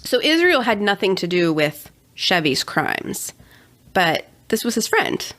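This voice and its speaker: A woman's voice: medium pitch, very animated, measured pace, fairly bright tone. A young adult woman co-hosting a casual true-crime podcast, chatty with sarcastic asides. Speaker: podcast co-host.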